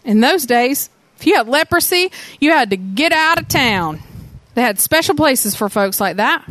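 A woman preaching a sermon, telling the story in an animated way and asking many rhetorical questions. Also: high voice, moderate pace, no echo.

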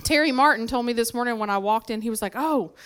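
A woman delivers a sermon in a church, talking to the congregation like friends. Her voice is smooth and clear and sits a little high. She tells personal stories with lively asides. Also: racing. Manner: conversational, lively storytelling with frequent asides. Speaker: preacher. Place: church sanctuary.

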